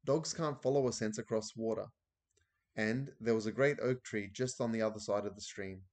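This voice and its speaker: An elderly grandmother, read by a man, recounting a narrow escape in a breathless, vivid rush. Her voice sits fairly low, and the storybook reading keeps her close to the narrator's own tone. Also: normal speed, a little mellow, natural voice. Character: elderly grandmother telling a thrilling tale.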